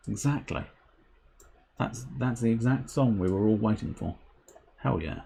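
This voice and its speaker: Gravelly low-voiced streamer. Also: male voice, moderate pace, long pauses, darkish tone, slight background noise. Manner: rambling, self-deprecating, swears casually. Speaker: livestreamer. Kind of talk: casual stream chat.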